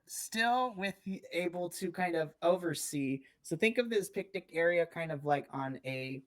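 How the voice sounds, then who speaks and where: A game master narrating a tabletop role-play scene in a loose, descriptive way, full of "kinda.". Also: medium pitch.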